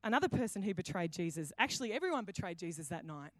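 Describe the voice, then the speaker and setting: This woman pastor preaches fast in a lowish voice with big swings in pitch, and there is no room sound. She narrates the story, performs the quoted lines, and restarts again and again.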